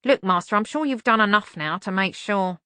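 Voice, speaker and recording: A woman voicing a cranky, fretful old male servant who complains in a high squawk. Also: a little fast, pushed and bright, no echo, lightly acted.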